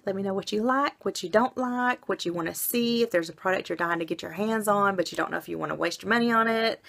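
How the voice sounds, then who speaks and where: Hoarse lady crafter talking to her viewers, chatty and relaxed, a lot of fry. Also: mid-range voice, fast talker, few pauses. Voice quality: scratchy, gravelly. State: scratchy voice from illness. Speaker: craft channel host. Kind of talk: casual unboxing vlog chat.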